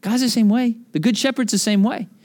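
A man in his thirties preaching a sermon as pastor, conversational and animated, telling stories between scripture. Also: extremely high pitch, a little fast.

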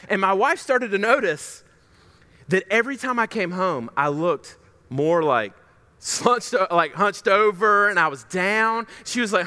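A man's voice: sits high, moderate pace. A young man in his twenties preaching a sermon as a pastor, telling a personal story and animatedly acting out the dialogue. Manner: animated, acts out quoted dialogue.

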